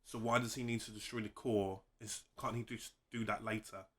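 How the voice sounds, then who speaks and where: Bright-voiced enthusiastic man. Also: fairly low pitch, steady tone, brisk. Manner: enthusiastic, gushing, laughs while talking. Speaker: film review co-host. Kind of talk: casual film review chat.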